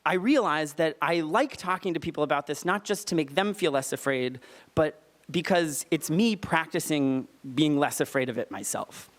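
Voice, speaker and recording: A man's voice: a little high, moderate pace. Earnest man telling a story on stage. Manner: earnest and candid, with lively emphatic retellings of dialogue. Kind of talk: live personal storytelling on stage. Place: stage at a live storytelling night in a club venue.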